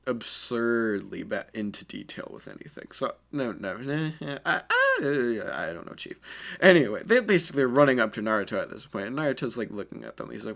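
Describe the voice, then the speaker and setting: A man's voice: medium pitch, expressive, fast talker, a bit bright. A man improvising a fan story in a rambling, crude and self-conscious way.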